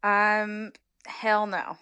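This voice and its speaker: A young woman from Northern California, a soccer player, chatting as a guest in an interview and retelling stories in a lively, giggly way. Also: medium pitch, very slow, clear, resonant tone, no echo, lo-fi sound. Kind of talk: casual interview storytelling.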